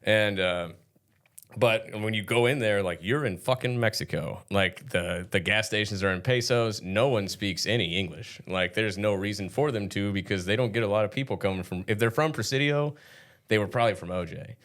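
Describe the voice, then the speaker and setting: Low-pitched man, rambling, swears freely, casual podcast chat. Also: moderate pace, a bit bright. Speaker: podcast co-host.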